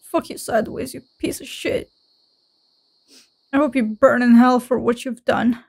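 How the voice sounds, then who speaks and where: A woman's voice: a little high, steady tone, a little slow, gravelly, a little mellow, husky. A woman giving casual let's-play commentary, swearing and venting in an exasperated, mock-dramatic way. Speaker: gameplay streamer.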